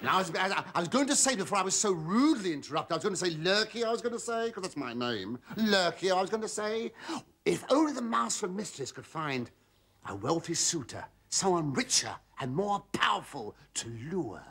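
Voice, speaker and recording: A middle-aged actor playing a bumbling, scheming Roman slave who rambles in flustered asides to the audience, in a 1970s TV sitcom. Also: male voice, high-pitched, sing-song, a little fast, a bit bright, husky, exaggerated voice. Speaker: servant. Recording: noisy 1970s TV sitcom recording.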